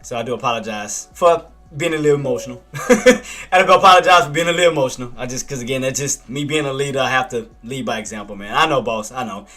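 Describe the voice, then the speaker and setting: A man's voice: mid-range voice, fast talker, pushed and bright, faint music behind. A male day trader streaming live commentary, talking straight to his chat and scolding himself with the same phrases over and over. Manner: self-critical, repeats himself, talks to chat by name.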